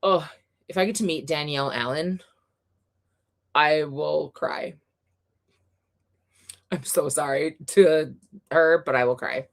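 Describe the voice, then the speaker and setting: A young adult woman hosting a livestream, chatting casually and excitably with viewers, with many fillers and frequent laughter. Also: low voice, takes it slowly, gravelly, long pauses. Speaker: livestream host.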